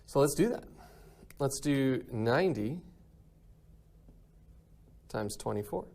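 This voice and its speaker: Lively male math teacher. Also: mid-range voice, slow, creaky. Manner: upbeat, checks in with "right?". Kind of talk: recorded math lesson.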